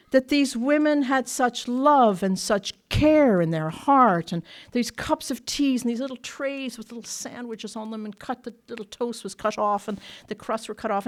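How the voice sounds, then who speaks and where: Blunt woman with a higher voice. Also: expressive, a little slow. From Ireland. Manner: blunt, candid storytelling with frequent laughter. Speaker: recovery meeting speaker. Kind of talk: personal recovery talk to an audience. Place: workshop meeting room.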